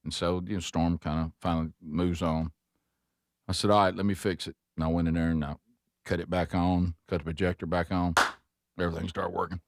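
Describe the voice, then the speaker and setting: A man's voice: low-pitched, flat delivery, brisk. A man hosting a show, telling a long, rambling, self-mocking story with many restarts. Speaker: host. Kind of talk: casual chat, storytelling.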